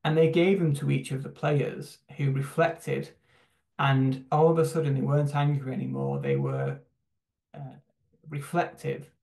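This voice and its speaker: A young man from the United Kingdom sharing a personal testimony on a video call, talking in a reflective, halting way with many fillers and restarts. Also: medium pitch, lively intonation, gravelly, darkish tone. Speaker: church human rights team member. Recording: roomy echoing sound.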